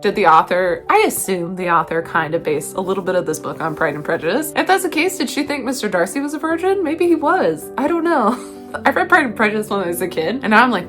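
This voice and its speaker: A young woman giving a casual book review, chatty and animated, with frequent laughs and fillers. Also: mid-range voice.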